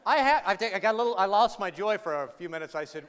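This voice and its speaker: A man's voice: high-pitched, animated, fast talker, hardly any pauses, a bit bright. A keynote speaker, a man, telling a comic story to a live audience, wry and sarcastic, teasing the crowd. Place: large hall before an audience. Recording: live hall recording with long reverb.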